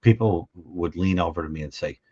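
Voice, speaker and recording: A man who is a guest on a live talk stream, chatting casually, quick to jump in over others and wander into tangents. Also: low-pitched, mellow, breathy edge. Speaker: guest commentator. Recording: lo-fi muffled audio.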